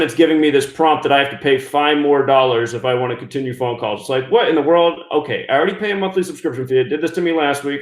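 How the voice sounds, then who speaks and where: A man hosting a call-in internet radio show, talking casually and chattily to listeners and callers. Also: mid-range voice. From US West Coast. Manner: chatty, talks through technical trouble aloud. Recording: echoey room.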